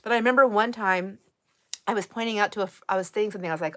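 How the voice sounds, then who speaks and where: A woman's voice: medium pitch, very fast, sharp tone. Woman host, middle-aged, chatty live-stream talker with easy laughter. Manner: chatty, laughs often, restarts sentences. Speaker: livestream host. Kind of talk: casual live-stream chat.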